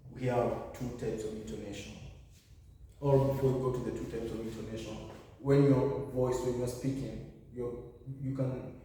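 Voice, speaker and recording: A man's voice: medium pitch, warm tone, slight background noise. A man giving a revision lesson, explaining step by step and often correcting himself. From Kenya. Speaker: teacher. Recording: echoey room, far from mic.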